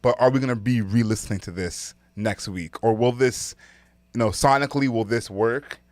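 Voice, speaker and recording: A man's voice: mid-range voice, normal speed, a little mellow, dry recording. A man from Toronto co-hosting a music podcast, talking thoughtfully with frequent restarts and ums. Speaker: podcast co-host. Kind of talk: casual music chat.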